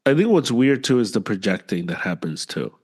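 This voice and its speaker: A man's voice: fairly low pitch, a little fast, husky. A man co-hosting a podcast, venting in casual conversation and repeating himself for emphasis. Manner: animated, exasperated venting with repeated phrases. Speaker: podcast co-host. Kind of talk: casual chat.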